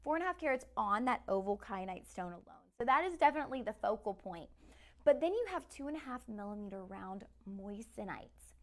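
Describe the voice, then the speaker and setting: A woman's voice: medium pitch, animated, a little fast. A woman hosting a live TV shopping show, chatting directly to viewers in an upbeat way. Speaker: shopping channel host.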